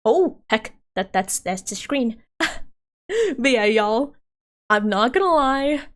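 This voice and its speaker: Woman streamer, high voice and unhurried delivery, giggly, rambling, tired and worn out. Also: lively intonation. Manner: giggly and rambling, with many restarts. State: tired, voice wearing out. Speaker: VTuber streamer. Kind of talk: casual live-stream chat.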